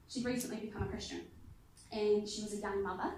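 A woman tells a humorous testimony as a sermon. Her delivery is animated and full of laughter, and her voice sits in a mid register. It echoes through the room over steady background noise. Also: medium pitch, fast talker. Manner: animated storytelling, laughs often. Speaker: guest speaker.

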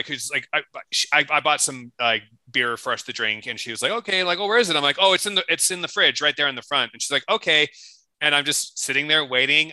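A man co-hosting a casual podcast chat, rambling through stories with many restarts and animated quotes. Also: mid-range voice, no echo, rough recording. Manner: rambling storyteller, restarts, quick animated quoting. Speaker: podcast co-host.

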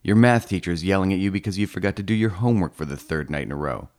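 A man reading a humorous book aloud with deadpan, playful delivery. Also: low voice, quick pace. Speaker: audiobook reader. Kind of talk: comic scripted narration.

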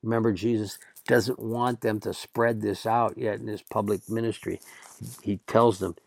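Man, latin teacher, gravelly low voice, slow deliberate lecture, dry close sound. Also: darkish tone, dry recording. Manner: slow, deliberate, reads Latin aloud then translates. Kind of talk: lecture translating scripture passages.

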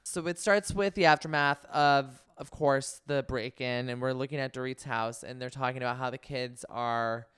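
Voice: medium pitch, moderate pace, few pauses, fairly bright tone, clear, resonant tone, dry recording, clean studio sound. A podcast co-host in casual chat, easygoing and agreeable, sometimes hesitant mid-sentence. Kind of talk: casual chat recapping a reality show.

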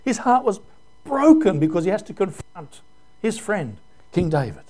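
A man's voice: high voice, sing-song, moderate pace, darkish tone. A male pastor giving an earnest, emotional sermon full of rhetorical questions.

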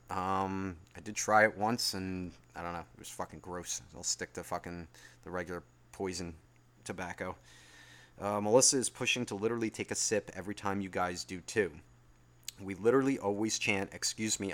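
A man's voice: fairly low pitch, a bit bright. A man hosting a solo podcast who reads out listener email, then rambles and swears heavily as he gets worked up. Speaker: podcast host.

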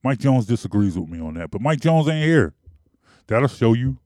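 Philly-sports talker, opinionated and insistent, mid-pitched, dry sound. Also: male voice, very animated, moderate pace, dark tone, dry recording. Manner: emphatic, repetitive, argumentative. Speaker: sports commentator.

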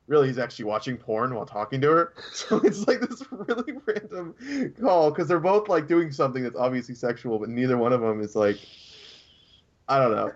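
Casual podcast co-host, male, mid-pitched, rambling storyteller, dull lo-fi sound. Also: fairly bright tone. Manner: rambling storytelling, acts out quotes in raised voices. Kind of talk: casual chat.

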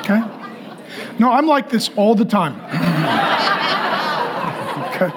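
A pastor with a high voice preaches a sermon to a congregation in a very noisy recording. He tells a story in an animated way, acting out the voices of the people in it.

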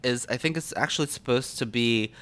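A man with a smooth, resonant voice chats casually, hesitating and apologizing as he drifts onto a tangent. His pitch is average for a man. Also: brisk, a bit bright. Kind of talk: casual chat.

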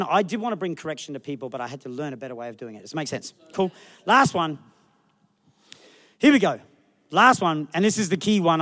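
Aussie pastor guy preaching fast, animated, does silly voices of people. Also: on the high side. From Australia. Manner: animated, acts out people in the crowd with funny voices. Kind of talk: sermon.

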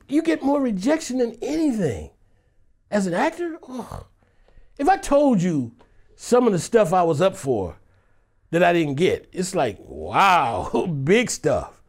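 A middle-aged male actor telling stories in an interview, laughing often and acting out the people he quotes. His voice sits high for a man and swings widely in pitch as he talks. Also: warm tone. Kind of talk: interview answer, storytelling.

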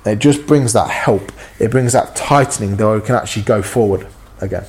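Earnest husky-voiced man preaching. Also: on the low side, fairly quick, darkish tone. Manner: earnest, conversational, with frequent stammered repeats. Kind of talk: sermon.

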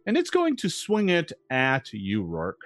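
A man serves as game master for a tabletop session, his voice rising and falling over a wide range. He draws out the dramatic moments slowly and laughs easily between rolls. Faint music plays quietly behind him. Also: medium pitch, wildly swooping pitch, no room sound.

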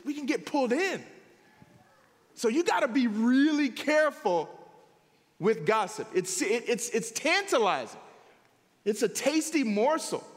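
A pastor preaches in a high, very animated voice that climbs and drops across the phrases. He talks to the congregation in a casual, emphatic way. The sound rings with the long reverb of a church hall. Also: moderate pace. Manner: conversational, emphatic preaching with frequent "here's the deal". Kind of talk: sermon. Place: church sanctuary.

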